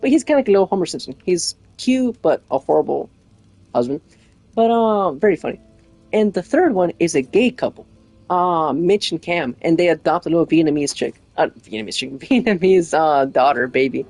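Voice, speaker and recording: A woman's voice: fairly low pitch, lively intonation, brisk, darkish tone, dry recording. A woman chatting casually while streaming a game, rambling and laughing often. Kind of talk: casual chat while gaming.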